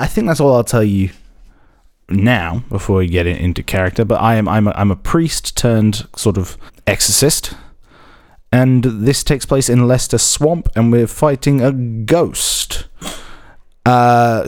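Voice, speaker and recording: A man's voice: fairly low pitch, lively intonation, measured pace, darkish tone, dry recording, clean studio sound. A man hosting a tabletop role-playing podcast as game master, chatty and joking, laughing often. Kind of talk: casual tabletop podcast chat.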